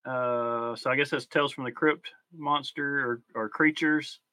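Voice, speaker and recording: A man co-hosting a toy podcast in casual chat, relaxed and hesitant, often pausing with ums as he explains. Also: medium pitch, no room sound. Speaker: podcast co-host.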